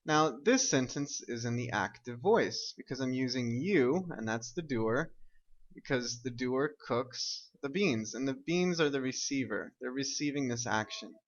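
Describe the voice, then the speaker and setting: A man's voice: mid-range voice, animated, measured pace, dull audio. A man teaching an English grammar lesson, explaining step by step and often checking with "right?" and "okay?".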